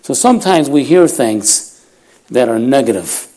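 A man's voice: medium pitch, animated, measured pace, mellow. Folksy man preaching with stories. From Puerto Rico heritage. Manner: folksy, self-deprecating, often laughs while talking. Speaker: lay preacher. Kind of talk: sermon with storytelling. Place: church.

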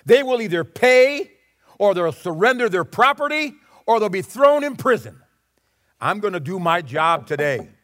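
A man's voice: sits high, very animated, moderate pace, fairly bright tone. A male preacher voicing a stubborn, determined tax collector who talks insistently in disbelief.

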